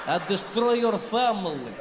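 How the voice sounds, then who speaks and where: A man voicing a menacing Russian man with a Russian accent, speaking slowly and bluntly, on a live comedy stage. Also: high-pitched, crowd noise, noisy background, voice pushed up. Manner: slow, flat, threatening delivery. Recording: live comedy hall with long reverb.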